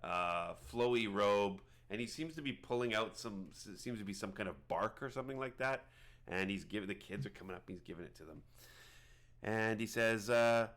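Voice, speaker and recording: A man narrating a tabletop game as game master, rambling with many halting restarts. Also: fairly low pitch, lively intonation, fairly bright tone.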